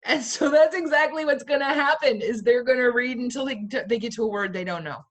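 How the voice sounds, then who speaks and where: A woman's voice: a little high, a little fast, few pauses. A woman teaching a class in a playful way, firing questions at her students and tossing in jokey asides. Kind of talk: classroom lecture.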